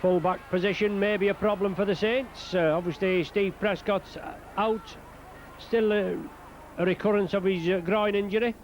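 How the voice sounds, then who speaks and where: A man with a high voice and fairly even intonation calls a rugby league match outdoors, naming players in fast bursts and lifting his voice when points go on the board. The highs are cut off, and there's a slight hiss or hum.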